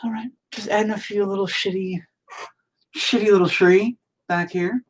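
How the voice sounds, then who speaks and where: A man's voice: sits high, steady tone, normal speed. A man chatting casually while he paints, rambling and joking with frequent swearing. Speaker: painting streamer.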